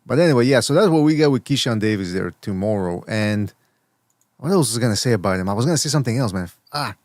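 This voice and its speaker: A man's voice: mid-range voice, expressive, quick pace, a little mellow, no echo. Man rambling through boxing talk, dry sound. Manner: rambling, repeats words, many restarts. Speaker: podcast host.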